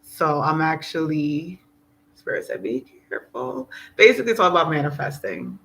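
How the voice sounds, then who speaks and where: A woman's voice: low-pitched, very animated, moderate pace, fairly bright tone, low-quality recording. A woman talking in a casual, rambling spiritual vlog, earnest and emotional, preaching at times. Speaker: spiritual vlogger. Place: outdoors in South Florida.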